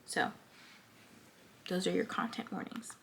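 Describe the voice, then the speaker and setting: A woman book vlogger chatting casually about her reading and reading book blurbs aloud, with a lot of "like" fillers. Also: a little slow. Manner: chatty, filler-heavy with frequent "like".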